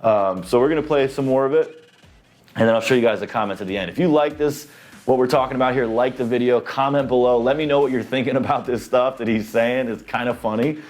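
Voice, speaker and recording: A man's voice: medium pitch, quick pace, a little mellow. A man commenting on a played video clip, explaining a point step by step in a casual way and checking in with "right?". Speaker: business credit commentator.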